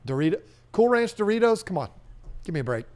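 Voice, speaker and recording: Chatty guy on a live stream reading out comments, kinda high voice, goofy and rambly. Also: big pitch swings, fast talker, darkish tone. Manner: chatty and joking, rambling with restarts.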